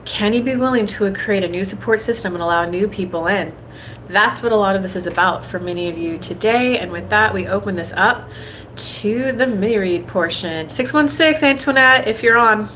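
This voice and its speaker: A woman hosting a live spiritual reading show, talking conversationally and acting out quoted inner voices in a brighter tone, often repeating phrases in a rhythmic way. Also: medium pitch, moderate pace, slight background noise, low-quality recording. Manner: repetitive and rhythmic when making a point. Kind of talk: livestream talk with a channeled-style message.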